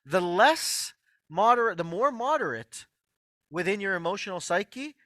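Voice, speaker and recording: Bright, animated man lecturing emphatically. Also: high voice, unhurried, dry recording. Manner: emphatic, repeats key phrases, addresses listeners directly. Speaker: host of an online healing workshop. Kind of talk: motivational health lecture.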